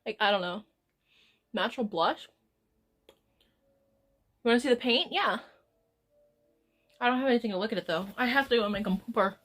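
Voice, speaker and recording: A woman's voice: medium pitch, fairly quick, pauses often, a bit bright. Woman streamer, casual rambling chat, drifting from topic to topic, talking back to her chat. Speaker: live streamer.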